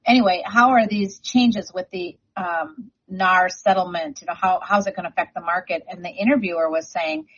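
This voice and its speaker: A woman's voice: fairly low pitch, fairly even intonation, moderate pace, few pauses, fairly bright tone, breathy edge, lo-fi sound. A woman real estate agent talking on a radio segment, chatty and emphatic, with a frog in her throat.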